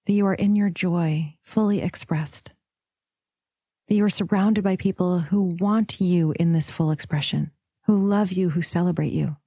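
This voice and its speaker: A woman podcast host leading a slow, soft guided meditation, sometimes dropping into a whisper and calling the listener sister. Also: fairly low pitch, slightly rough, dry recording, studio quality. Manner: calls listener "sister", affirmations.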